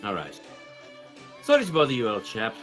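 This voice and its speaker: A man's voice: fairly low pitch, wildly swooping pitch, normal speed, fairly bright tone, soft background music, pitched below the performer's own voice, low-quality recording. Man playing a mock-courtly, weary adventurer. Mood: dry polite. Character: courteous, weary adventurer feigning noble manners.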